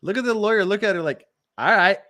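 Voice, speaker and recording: Male commentator, high-ish voice, excitable and foul-mouthed, dry close sound. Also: very fast, no room sound. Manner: excitable, swears often, repeats himself. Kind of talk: profane reaction commentary.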